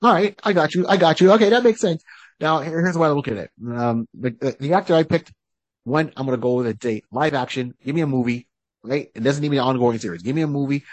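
A man's voice: medium pitch, fast talker, dry recording. A man co-hosting a podcast, explaining eagerly and acting out quotes as he talks. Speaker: podcast co-host. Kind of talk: casual chat. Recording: dry close-mic podcast audio.

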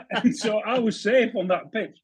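Husky former goalkeeper spinning stories. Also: male voice, high-pitched, no echo. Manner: chatty anecdotes, frequent restarts, laughing. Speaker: former goalkeeper, podcast guest. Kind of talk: casual storytelling chat.

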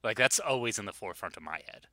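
A man's voice: fairly low pitch, lively intonation, fast, sharp tone, no room sound. A man co-hosting a podcast in casual chat, rambling and self-mocking and full of "like". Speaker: podcast co-host.

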